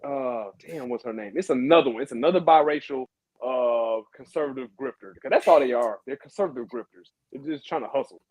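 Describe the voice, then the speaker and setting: A man talking on a phone in a casual panel chat, in rapid, halting bursts with restarts. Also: mid-range voice, a little mellow, dry recording. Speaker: guest panelist.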